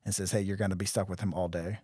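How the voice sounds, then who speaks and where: A man's voice: sits low, racing, slightly rough, no room sound, studio quality. A man co-hosting a casual podcast, telling profane army stories and acting out the people in them. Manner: profane, animated storyteller acting out quotes. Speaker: podcast co-host. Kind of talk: casual storytelling chat.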